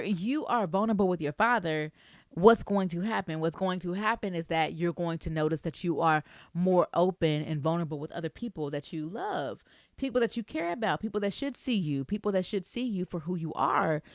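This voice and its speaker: Lively woman giving casual faith talk. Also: lowish voice, moderate pace, dry recording, clean studio sound. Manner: lively, playful, speaks straight to the viewer with "girl" and "baby". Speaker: Christian faith vlogger.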